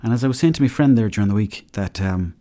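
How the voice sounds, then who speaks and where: A man's voice: fairly low pitch, fast, dark tone. A man in his thirties with an Irish accent, hosting a solo podcast in a loose, joking, rambling way. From Ireland. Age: 30s. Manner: rambling, joking, acts out little dialogues. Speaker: podcast host. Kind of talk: casual solo podcast monologue.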